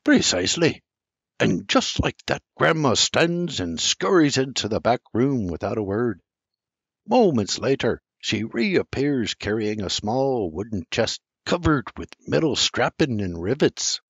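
A man's voice: medium pitch, measured pace, slightly rough, dry recording. Older man telling a folksy tale. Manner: folksy, animated storytelling. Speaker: audiobook narrator. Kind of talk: first-person storybook narration. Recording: dry, slightly muffled recording.

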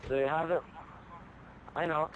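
A man casually explaining and joining an improvised game role-play, with halting fillers, on a noisy home recording. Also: a little high, steady tone, a bit bright. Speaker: game player and commentator.

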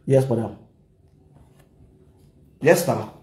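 A man with a Nigerian Pidgin English accent giving animated gossip commentary, switching languages and mimicking people. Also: medium pitch, very slow, roomy sound. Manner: animated, mixes Pidgin and Yoruba, shouts and mimics. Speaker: gossip vlogger. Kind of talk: excitable commentary vlog.

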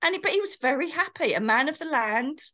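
A woman's voice: sits high, expressive, fast, sharp tone. A woman co-hosting a casual chat, telling rambling, gushing anecdotes. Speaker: co-host and spiritual medium.

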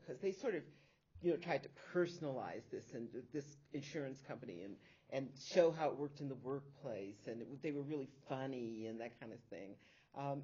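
A woman's voice: rumbling low, a little mellow, husky. A woman on a casual discussion panel, musing and blunt in her opinions. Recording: dull lo-fi audio.

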